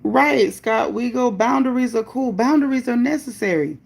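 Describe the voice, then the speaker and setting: Blunt gravelly woman livestream host. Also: on the high side, animated, moderate pace. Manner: blunt, opinionated, firm with chat rules; greets viewers by name, upbeat bursts. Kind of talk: live chat commentary, reading viewer comments.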